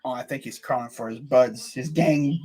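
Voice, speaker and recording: A man's voice: mid-range voice, moderate pace. A young man vlogging as a sports fan, ranting casually and swearing a lot. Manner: animated, ranting, swears and says bruh a lot.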